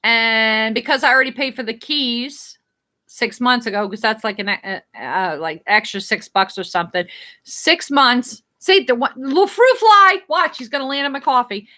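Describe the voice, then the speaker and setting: A woman's voice: on the high side, moderate pace, pushed and bright. A woman from New Jersey with a Jersey accent, hosting a casual live stream where she answers viewer comments in a blunt, rambling way and swears freely. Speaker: livestream host.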